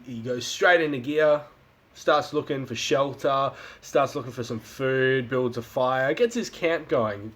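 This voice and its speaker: A man's voice: mid-range voice, a bit bright. Rambling Australian streamer guy with a mid-range voice and easy casual delivery. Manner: rambling, repeats words, swears freely. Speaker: livestream host. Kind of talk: casual chat and joke telling.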